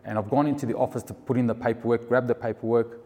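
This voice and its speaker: A man telling his faith story in casual, animated speech, acting out the people he quotes. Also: mid-range voice, fast, big-room sound. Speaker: storyteller sharing a faith testimony. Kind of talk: casual spoken testimony.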